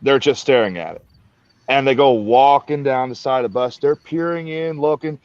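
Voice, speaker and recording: A man's voice: medium pitch, moderate pace, no room sound, muffled recording. A man telling a profane army story in casual podcast chat. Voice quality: profane, animated.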